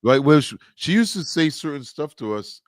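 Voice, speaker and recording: A man's voice: a little high, normal speed, no echo, studio quality. A man co-hosting a casual podcast, chatting loosely and acting out the voices of people in his stories. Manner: animated storyteller, acts out quoted voices. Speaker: podcast co-host. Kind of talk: casual chat.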